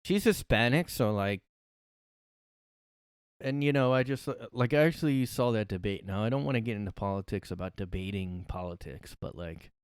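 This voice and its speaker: A man's voice: fairly low pitch, moderate pace, clear, resonant tone, dry recording, clean studio sound. A man hosting a solo comedy podcast from his room, ranting in a rambling, profane, sarcastic way. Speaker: podcast host.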